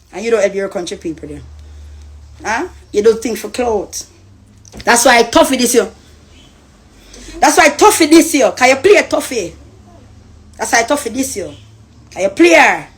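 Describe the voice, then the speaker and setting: A woman from Costa Rica with a Jamaican Patois accent, ranting heatedly and profanely on a live stream. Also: a little high. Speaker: social media personality.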